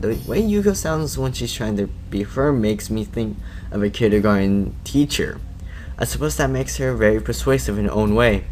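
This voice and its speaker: Let's play host reading a visual novel aloud, cursing with laughing asides, mid-pitched man. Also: slight background noise.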